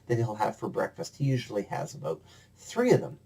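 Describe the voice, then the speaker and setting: A man voicing a bossy, quick-witted giant's wife in a storytelling sermon, with a brisk, scolding, raised voice. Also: medium pitch, sing-song, vocal fry, warm tone, distant mic. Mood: sweetly sly.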